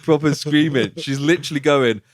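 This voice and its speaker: A man's voice: fairly high pitch, normal speed, no echo, clean studio sound. Casual male podcast co-host, laughing. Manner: laughing, mimics characters in silly voices. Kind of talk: casual film discussion.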